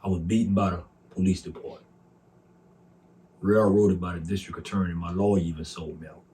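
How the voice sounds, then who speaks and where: A man in his forties with a fairly low voice tells his personal testimony. He speaks softly and earnestly, acting out both sides of a past conversation. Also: fairly even intonation, brisk, slight background noise. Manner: recounts dialogue by voicing both sides, soft and earnest.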